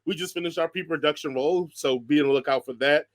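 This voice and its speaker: A man with a slightly high voice hosts a casual podcast chat. He jokes, laughs often and rambles through long lists. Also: fast talker. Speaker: podcast host.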